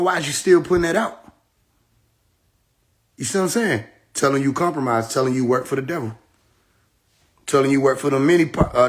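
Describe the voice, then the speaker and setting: A man hosting a livestream, ranting heatedly and profanely straight at his viewers. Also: fairly high pitch. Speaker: livestream host. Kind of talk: casual livestream rant.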